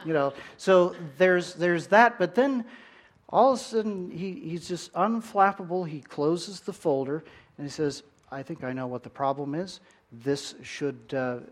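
Slow-speaking preacher man. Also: a little high. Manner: animated storytelling with swings in loudness. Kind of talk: sermon.

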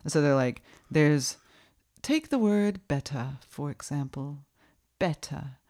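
A woman's voice: low-pitched, lively intonation, measured pace, a little mellow. A middle-aged woman hosting a podcast in casual chat, playful and laughing as she explains. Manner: chatty, laughing, playful imitations. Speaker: podcast host.

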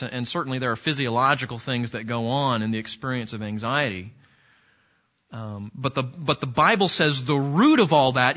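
Bright-voiced man preaching, lo-fi. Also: on the high side. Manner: earnest, conversational preaching with frequent restarts. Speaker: pastor. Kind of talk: sermon.

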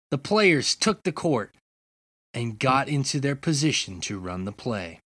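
Brief: unhurried gaming podcast co-host, playful storyteller, dry studio sound. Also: medium pitch, fairly bright tone, husky, dry recording. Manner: slow, teasing delivery. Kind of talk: casual chat and reading a comedy skit.

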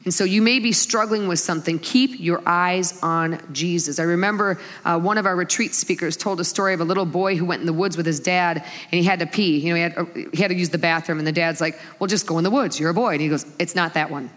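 A middle-aged woman preaching a sermon, telling stories with lively acted-out quotes. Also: on the low side, quick pace, hardly any pauses. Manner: animated storytelling with acted-out quotes. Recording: long hall reverb.

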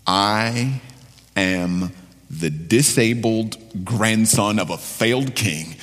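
A man's voice: on the low side, slow pace, fairly bright tone, big-room sound. A male pastor preaching a sermon emphatically, repeating key phrases for weight.

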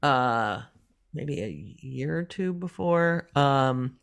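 A woman's voice: a bass voice, slow pace, vocal fry, smooth. A middle-aged woman comedian chatting on an interview show. She tells her stories with lots of energy, slipping into voices for the people she quotes and swearing freely. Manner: animated storyteller, acts out quotes, swears. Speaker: comedian guest. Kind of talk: casual interview chat.

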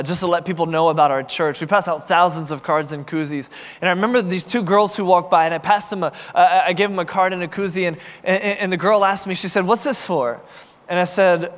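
A high-voiced man preaches to his congregation, telling stories and acting out each side of the conversations with lively energy. His voice rings with a long reverb from a large hall. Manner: animated, acts out dialogue in raised voice. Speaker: pastor. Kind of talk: sermon with storytelling. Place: large concert venue used as church.

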